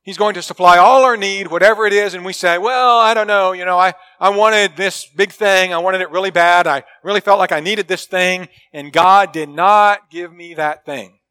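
A man preaching a sermon earnestly, stressing points and sometimes dropping to a hushed tone. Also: high voice, normal speed, hardly any pauses, smooth. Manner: earnest, emphatic preaching with dramatic drops to a hush; acts out quoted people in a story.

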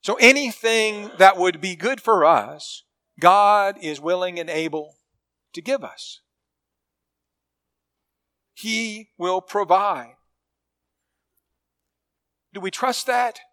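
A male preacher delivers a sermon in a high-pitched, bright voice. He talks earnestly and with emphasis, leaning on key phrases. He often sinks into quiet, intimate tones. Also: expressive, slow, long pauses. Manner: earnest, emphatic preaching with dramatic drops to a hush; acts out quoted people in a story.

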